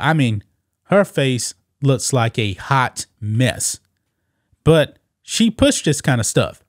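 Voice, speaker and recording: A man's voice: medium pitch, big pitch swings, slow pace, no room sound. Mocking male commentary host, dry sound. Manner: mocking, addresses viewers as guys. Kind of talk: casual political commentary.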